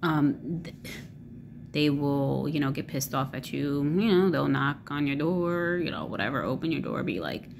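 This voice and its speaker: Low gravelly woman, rambling vlog. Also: lively intonation, moderate pace, background noise. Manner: rambling, many fillers, swears freely. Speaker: vlogger. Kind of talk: casual chat to camera.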